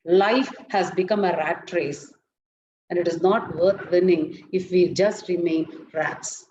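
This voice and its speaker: A woman's voice: lowish voice, steady tone, a little mellow, a little hiss or hum. Earnest woman, muffled webinar audio. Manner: earnest, deliberate, emphatic delivery. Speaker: webinar speaker. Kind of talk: motivational talk with storytelling.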